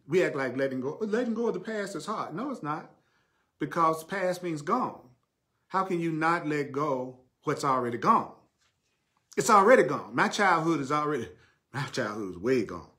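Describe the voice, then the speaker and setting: A man's voice: a little high, pushed and bright. Southern-accented man teaching with emphatic repetition. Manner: emphatic, repeats key phrases, asks rhetorical questions. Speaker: spiritual teacher. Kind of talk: livestreamed spiritual teaching.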